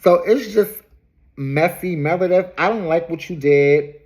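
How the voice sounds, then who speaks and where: Animated woman gossiping through an episode recap. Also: fairly low pitch, measured pace. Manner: animated, gossipy storytelling with dramatized quotes. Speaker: show recap vlogger.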